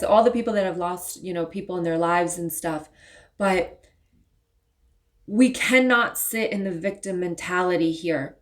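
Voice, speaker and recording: Earnest woman giving a tarot reading. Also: lowish voice. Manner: earnest, pleading, gets emotional at times. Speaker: tarot reader and spiritual channel. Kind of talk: casual spiritual tarot reading to camera.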